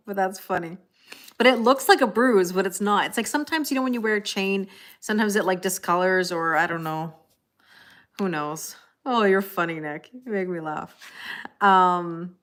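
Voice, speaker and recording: Middle-aged lady doing tarot live, kinda low voice, laughy, chatting with the comments. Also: a bit bright. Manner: chatty, laughs often, replies to viewer comments. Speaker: tarot reader hosting a livestream. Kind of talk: casual live-stream chat and tarot reading.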